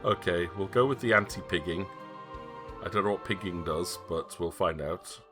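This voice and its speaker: A man's voice: low voice, moderate pace, a bit bright, faint music behind. A man streaming a first playthrough of a game, chatting casually and joking with playful wordplay.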